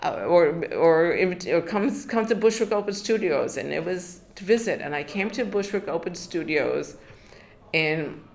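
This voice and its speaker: A woman's voice: lowish voice, lively intonation, moderate pace, gravelly. An older woman from New York in an oral history interview, telling her story with many restarts and bits of quoted dialogue.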